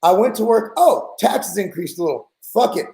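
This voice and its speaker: A man's voice: sits high, expressive, moderate pace, gravelly, dark tone, reverberant, poor audio. A man in his forties hosting a podcast, ranting bluntly and with exasperation in casual talk. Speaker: podcast host.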